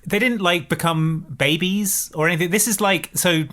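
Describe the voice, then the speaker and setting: A man co-hosting a podcast, recapping a film's plot with wry, deadpan asides. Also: high-pitched, moderate pace. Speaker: podcast co-host. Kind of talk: casual chat recapping a film.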